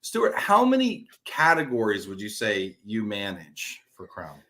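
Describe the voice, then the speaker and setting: A man hosting a live interview webcast, with an energetic, teasing, jokey way of talking. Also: fairly low pitch, measured pace. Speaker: host.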